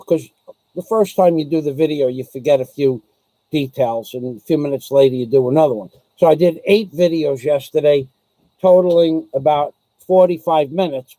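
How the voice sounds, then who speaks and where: A man's voice: on the high side, dark tone, dry recording, poor audio. A man vlogging to camera, ranting with sarcasm in a casual way.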